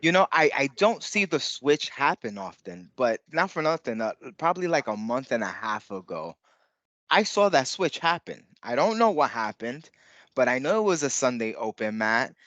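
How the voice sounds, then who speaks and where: A man's voice: medium pitch, big pitch swings, normal speed, a bit bright, dry recording, muffled recording. A man hosting a podcast, easygoing and telling a story in casual chat. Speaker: podcast host.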